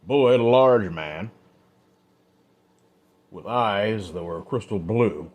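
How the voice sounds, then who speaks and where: A man narrating an old-west story in a slow, unhurried, casual way. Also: fairly low pitch, expressive, a little mellow.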